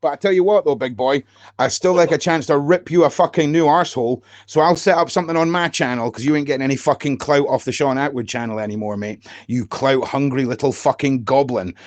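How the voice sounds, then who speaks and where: A man fires off a swearing, taunting rant at a rival. The sound is dry and close, with no room echo at all. His voice sits at an ordinary male pitch. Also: fairly quick. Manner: aggressive, profane, taunting. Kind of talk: angry recorded rant.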